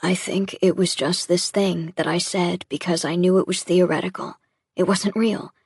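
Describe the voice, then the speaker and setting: A woman reading the lines of a distraught young man who talks in a halting, pained way, his voice breaking. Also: lowish voice, fairly even intonation, a little mellow, slightly rough, no room sound, studio quality. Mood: anguished. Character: distraught young adult man, jealous boyfriend. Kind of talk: audiobook dialogue reading.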